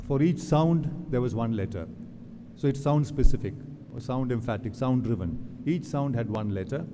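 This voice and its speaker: A man giving an academic lecture to literature students, talking in a digressive way with many fillers and restarts. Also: mid-range voice. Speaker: guest lecturer. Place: lecture hall. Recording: reverberant hall, audible background noise.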